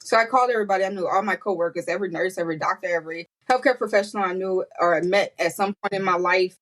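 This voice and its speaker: A woman guest on a podcast, telling a personal story with animated quoted voices and frequent laughter. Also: racing, rough recording. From United States. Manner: animated, acts out quotes with high pitch, laughs often. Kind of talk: emotional storytelling interview.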